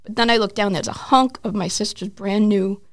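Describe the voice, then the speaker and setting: A woman in her forties telling animated stories as a guest in a casual interview, acting out quotes and laughing often. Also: mid-range voice, a little fast. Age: 40s. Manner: lively, animated storyteller who acts out quotes and laughs often.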